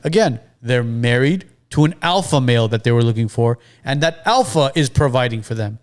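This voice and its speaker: A man's voice: mid-range voice, lively intonation, fairly quick, few pauses. Chatty male podcast host. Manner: chatty, direct address to listeners. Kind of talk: casual podcast conversation.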